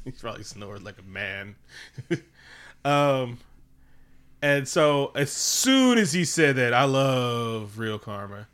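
A man with a bright, forceful voice riffs through a casual comedy chat at home. He is animated and profane, and he keeps dropping into quick mocking impressions of other people. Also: lowish voice, smooth. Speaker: podcast co-host.

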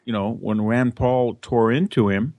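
A man's voice: mid-range voice, steady tone, measured pace, dark tone, no room sound. A man, an interview guest, giving political commentary in a conversational way with restarts and quoted asides.

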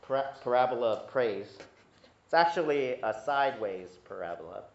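A man preaching a sermon as pastor, teaching in a conversational way with asides and restarts, pitch climbing when he grows emphatic. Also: animated, normal speed, slight background noise. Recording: echoey hall, dull lo-fi sound.

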